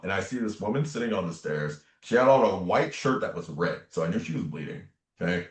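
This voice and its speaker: Man, very low voice, earnest casual storytelling, interview guest, echoey room. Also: lively intonation, fairly quick, hardly any pauses. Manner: earnest, casual, often says "man" and "right?". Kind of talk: personal storytelling in conversation.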